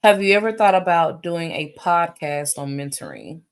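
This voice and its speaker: A woman's voice: lowish voice, moderate pace, smooth. A woman, chatting animatedly with viewers as she answers their questions in a live stream. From United States. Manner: animated, chatty, reads questions aloud, addresses viewers as y'all. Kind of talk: casual live Q&A chat. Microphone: phone or webcam for a live stream.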